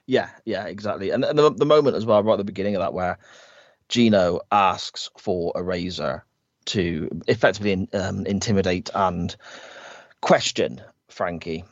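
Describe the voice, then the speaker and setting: A man with a lowish voice co-hosts a podcast, walking through a TV episode's plot in steady, agreeable recaps. His audio is a little dull and lo-fi. It is dry, with no room echo. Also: moderate pace. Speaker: podcast co-host. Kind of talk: casual chat recapping a TV episode.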